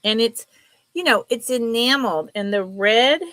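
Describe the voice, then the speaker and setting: Slow-talking chatty woman selling live. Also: a little high, a bit bright, no room sound. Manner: chatty, laughs often, slow and rambling. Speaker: live sale host. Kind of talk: casual live selling stream.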